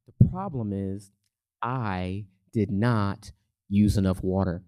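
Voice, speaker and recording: Lively comic male storyteller. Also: fairly low pitch, slow pace. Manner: lively, comic, building suspense. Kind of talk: live personal storytelling. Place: theater stage, live.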